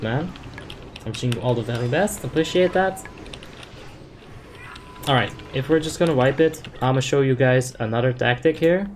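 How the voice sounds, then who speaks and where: A young man narrates a game in a relaxed, rambling way, full of fillers as he explains tactics and answers chat. His voice sits in a middle pitch. Faint keyboard typing and noise run underneath. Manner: laid-back, filler-heavy, explains tactics. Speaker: game streamer. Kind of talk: casual gaming commentary, reading chat.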